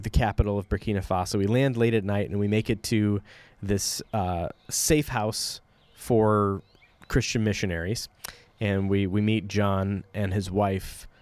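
A man's voice: fairly low pitch, a little mellow, no room sound. A man telling a personal story on a podcast in a casual, digressive way, with frequent fillers and restarts.

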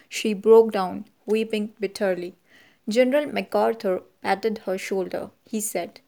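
A woman narrating an audiobook in an even, measured storytelling voice. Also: medium pitch, gravelly. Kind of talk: scripted narration.

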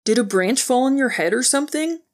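A woman's voice: high-pitched, lively intonation, fairly quick, voice pushed up. Woman doing a cocky teenage boy. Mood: teasing. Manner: joking, smug.

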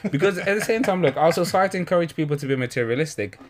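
A man's voice: on the high side, lively intonation, very fast, a crowd in the background. A man hosting a podcast in casual chat, joking and blunt, swearing freely. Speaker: podcast host.

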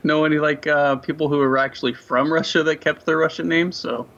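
A man's voice: a little high, steady tone, fairly quick, a bit bright. A man in his forties, a podcast guest, chatting in an easygoing way and reacting with short exclamations. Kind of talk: casual podcast chat. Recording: dull lo-fi sound.

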